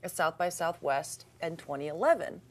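A woman's voice: sits low, animated, moderate pace. A woman presenting a news segment on a chat show, chatty, putting questions to the host.

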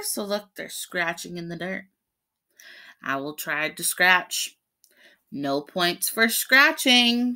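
A woman, a preschool teacher, reading a picture book aloud to children and explaining the pictures as she goes. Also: lowish voice. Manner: explains the pictures between pages, animated.

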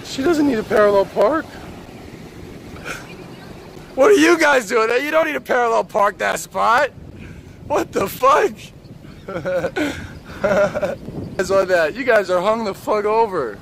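Brash crude young male streamer, high-pitched voice, outdoors on a city street, heavy traffic noise, phone mic. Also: animated, measured pace, vocal fry, a bit bright. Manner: brash, crude, teasing strangers. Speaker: livestreamer. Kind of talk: street livestream banter.

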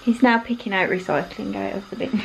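A woman's voice: mid-range voice, fairly even intonation, fairly quick, vocal fry, slight background noise, low-quality recording. A woman, chatting to the camera at home while doing chores. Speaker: vlogger, mother. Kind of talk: casual vlog chat. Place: family home.

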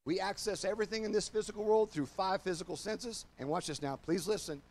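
An older man preaches in a notably high voice, addressing his church and viewers online. He builds to loud, forceful declarations, then drops down low and slows his pace to stress a point. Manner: emphatic preaching, swinging from loud declarations to low, slow confiding. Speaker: pastor. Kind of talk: sermon.

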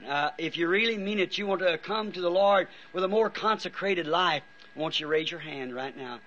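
A weary middle-aged man leading an earnest, pleading prayer and altar call from a church pulpit, with halting restarts. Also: sits high, fairly bright tone. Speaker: preacher. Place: church before a congregation. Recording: dull old sermon tape with faint hiss.

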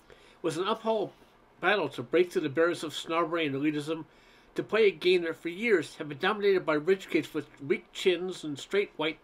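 A man reading a humorous essay aloud in a wry, expressive storytelling manner. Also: high voice.

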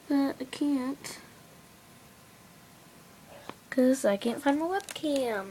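Woman, casual home vlog, unhurried and rambling, faint background hiss. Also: high-pitched, lively intonation, darkish tone. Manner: chatty, drifts into whispered asides. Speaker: new video maker. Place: at home near her bed. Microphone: handheld music player camera.

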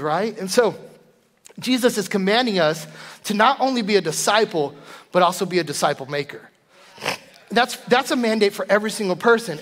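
A man in his thirties preaches in a church sanctuary, his high voice trailing a long reverb through the room. He tells his stories with animation and acts out his family's voices. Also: fairly bright tone. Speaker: guest preacher. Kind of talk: sermon with personal stories.

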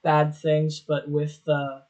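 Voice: medium pitch, completely flat delivery, slow, darkish tone, low-quality recording. A young adult vlogger giving casual reaction commentary on old clips, swearing often, mocking themself and laughing.

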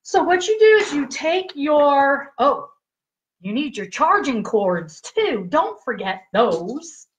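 A woman's voice: high voice, sing-song, takes it slowly. A woman hosting a casual live product demo, chatty and giggly, checking in with her viewers constantly. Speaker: livestream host demonstrating skincare patches. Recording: dull lo-fi livestream audio.

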